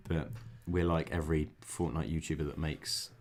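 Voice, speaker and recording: A man co-hosting a casual film podcast, teasing his co-host with dry, deadpan asides. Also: extremely low pitch, moderate pace.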